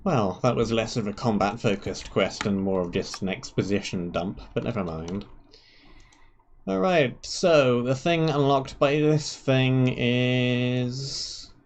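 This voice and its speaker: A man's voice: mid-range voice, slow, slight background noise. A man streaming a game live, reading quest text aloud and making dry, wry asides as he plays. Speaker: gaming streamer.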